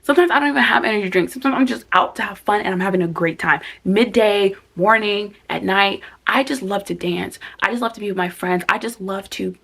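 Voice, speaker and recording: A woman in her twenties speaks casually and directly to her viewers. She leans hard on repetition, saying key lines again and again, and acts out her own inner thoughts. Her voice sits at an ordinary pitch and carries a gravelly fry. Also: a little fast, hardly any pauses, fairly bright tone. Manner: emphatic, repeats phrases for stress, acts out her own thoughts. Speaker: vlogger giving life advice. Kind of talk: casual direct-to-camera advice talk.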